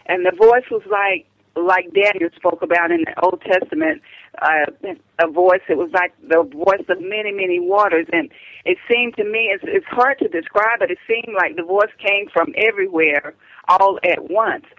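An older woman speaks as a phone-in guest, earnest and halting, often breaking off to restart a sentence. The line sounds dull and narrow, with a flat, dry quality and no room around her. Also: on the low side, no echo. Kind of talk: phone-in radio interview. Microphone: telephone.

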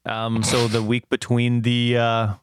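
A man in his thirties, co-hosting a casual chat and telling rambling, animated stories with lots of fillers. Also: mid-range voice, slow, slight background noise. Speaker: podcast co-host.

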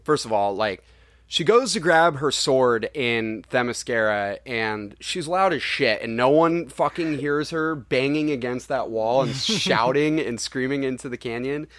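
A man's voice: medium pitch, a little slow, no room sound. A young man, the podcast host, reviewing a film in casual, rambling chat and swearing freely. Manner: animated, profane, rambling.

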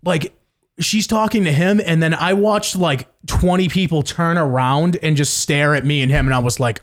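A man's voice: on the high side, moderate pace. A man in casual podcast chat, telling a rambling story and swearing often.

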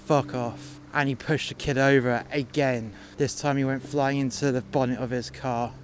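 A man's voice: medium pitch, little pitch movement, moderate pace, a little hiss or hum. A man telling a work story in a blunt, mocking, profane way. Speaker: podcast storyteller. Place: outdoors in freezing cold.

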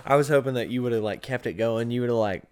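A man's voice: mid-range voice, fast, darkish tone. A young man co-hosting a podcast in casual chat, laughing along and chiming in with short reactions. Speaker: podcast co-host.

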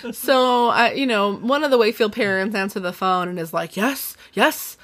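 A woman's voice: mid-range voice, a little fast. A young woman casually recapping a book on a podcast, acting out the characters' lines as she goes. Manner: lively, acts out quotes in voices. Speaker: podcast co-host. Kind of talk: casual book discussion chat.

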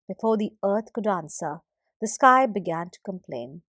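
A woman narrating a myth as a storyteller, in a gently expressive way. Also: mid-range voice, moderate pace, breathy edge, no room sound.

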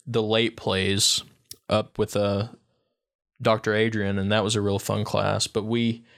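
A man's voice: on the low side, unhurried, vocal fry. Laughing, slangy young man. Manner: laughing storyteller, slangy, animated retellings. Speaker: podcast co-host. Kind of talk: casual chat.

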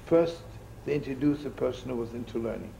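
A man's voice: medium pitch, fairly quick, creaky, mellow. A man teaching as a rabbi in a folksy, jokey storytelling sermon, sprinkling in Yiddish and Hebrew words. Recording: noisy old recording.

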